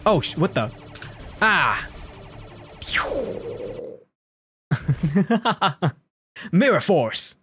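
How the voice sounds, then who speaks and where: A man's voice: high-pitched, big pitch swings, extremely slow, long pauses, sharp tone, faint music behind. A man streaming a video game, chatting casually with playful reactions and frequent laughter.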